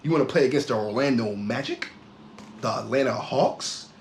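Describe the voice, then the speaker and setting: A man's voice: mid-range voice, normal speed, reverberant, slight background noise. A man co-hosting a sports podcast, ranting heatedly in casual talk and often repeating his words. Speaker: podcast co-host.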